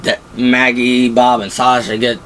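A man giving a casual, excitable recap of TV episodes, acting out the quotes as he goes. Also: medium pitch, a little slow, a little hiss or hum. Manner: excitable, acts out quotes from the show. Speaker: video host.

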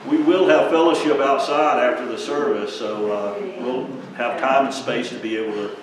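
A male pastor giving a children's message in a church service, chuckling often and halting on fillers as he goes. His voice echoes heavily around the sanctuary and is picked up from well away, with a faint hiss underneath. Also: medium pitch, fairly even intonation. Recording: echoey church from a distant mic.

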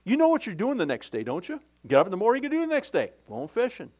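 A man's voice: high-pitched, huge pitch swings, fast talker, a little mellow. A middle-aged male pastor preaching a sermon in a conversational, folksy way, often restarting his sentences.

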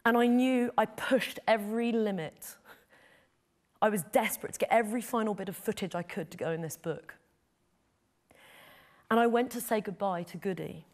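A woman's voice: mid-range voice, normal speed, pauses often. A middle-aged woman, a photojournalist, telling a personal story in an interview, earnest and heartfelt. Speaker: photojournalist guest.

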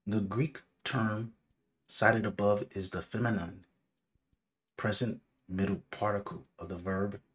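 A man narrating a scripted history lecture in a measured, deliberate way, drawing out his phrases. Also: fairly low pitch, fairly even intonation. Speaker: history presenter.

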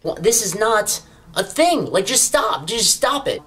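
A woman playing an exasperated friend, halting and incredulous. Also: mid-range voice, big pitch swings, fairly bright tone. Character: exasperated friend, skeptical and irritated. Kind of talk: comedy sketch acting.

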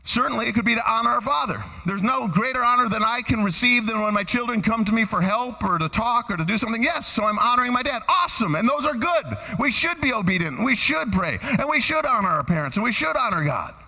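A man preaching a sermon as pastor, quizzing the congregation with lively shouts and then dropping to hushed, earnest tones. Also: extremely high pitch, fast, vocal fry, few pauses, big-room sound. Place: church sanctuary.

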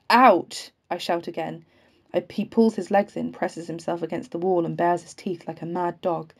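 A woman reads a novel aloud in a low, mellow voice. Her reading is steady and unpolished, with occasional slips and quick restarts left in. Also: vocal fry, breathy edge. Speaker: audiobook reader.

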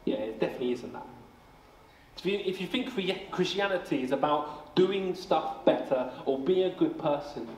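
A man in his late twenties preaching a family service sermon in a church hall, energetic and jokey, often repeating words as he starts a sentence. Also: a little high, normal speed, a little hiss or hum. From England. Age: 20s. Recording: echoey hall, faint ambience.

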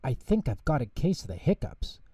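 A man doing a squeaky excited banana. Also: brisk, breathy edge, no echo. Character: cheerful excitable male banana character.

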